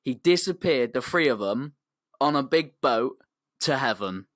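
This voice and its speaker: A man's voice: medium pitch, expressive, a little slow, dry recording, clean studio sound. A man telling a rambling comic story as a podcast host, laddish and slangy. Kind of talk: comedic storytelling.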